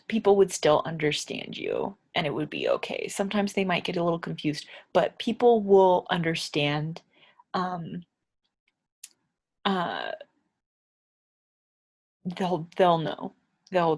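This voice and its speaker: A woman's voice: fairly low pitch, vocal fry. A woman teaching an English grammar lesson, patiently repeating example sentences and often checking in with "right?".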